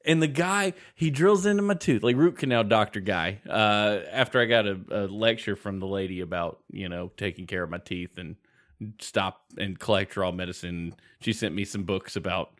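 A man's voice: fairly low pitch, normal speed, a bit bright. A man telling a long story in casual podcast chat, rambling and laughing as he goes. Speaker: podcast host.

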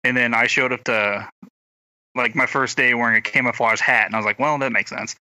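Man, rural Oklahoma accent, very bright dry voice, rambling chat storyteller. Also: medium pitch, steady tone, fairly quick, no echo, low-quality recording. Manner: rambling storyteller, stumbles and restarts. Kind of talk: casual chat.

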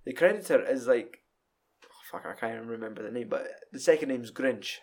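A young man with a Scottish accent talks casually and animatedly, swearing often and breaking into quick acted-out bits. His voice sits at an ordinary middle pitch. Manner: animated, swears freely, acts out scenes with quick voices and laughter. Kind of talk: casual chat.

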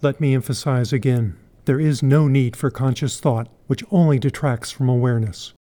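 A man giving scripted meditation instructions in a slow, even, calm way. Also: medium pitch.

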